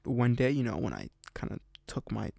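A man's voice: mid-range voice, big pitch swings, moderate pace, gravelly, darkish tone, breathy edge, dry recording. A man in his twenties casually telling a personal story on a podcast, rambling with lots of fillers. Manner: rambling, many fillers and restarts. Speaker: podcast host.

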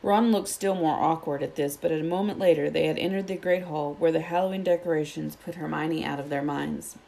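A woman reading a children's novel aloud, with steady, plain narration. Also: low-pitched, brisk, vocal fry. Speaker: storybook reader.

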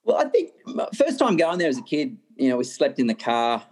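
An Australian man, a racing driver, telling animated stories in an interview, often laughing and restarting his sentences. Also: medium pitch, a little fast, breathy edge. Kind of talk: interview storytelling.

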